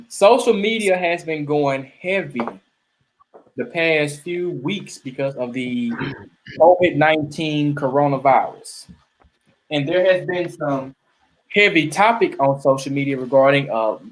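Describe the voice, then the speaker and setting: A man's voice: a little high, unhurried, a little hiss or hum. A man hosting a casual group podcast over a video call, laid-back and rambling as he sets up a topic. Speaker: podcast host.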